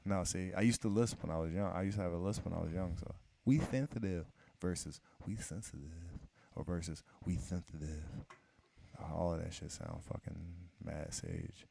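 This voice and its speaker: Gravelly-voiced joking man podcast host. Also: sits low, lively intonation, brisk, a little hiss or hum. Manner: loud joking banter, swearing. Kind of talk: casual chat.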